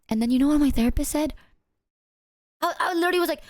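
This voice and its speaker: A young woman streamer ranting to her viewers in an animated, profane, casual way. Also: on the high side, quick pace.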